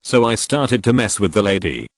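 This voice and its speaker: A low-pitched male voice narrates online posts in an even, matter-of-fact way. It reads symbols and acronyms out literally, with pitch that still moves up and down a lot. The sound is close and dry, with no room around it. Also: moderate pace, dry recording. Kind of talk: scripted narration.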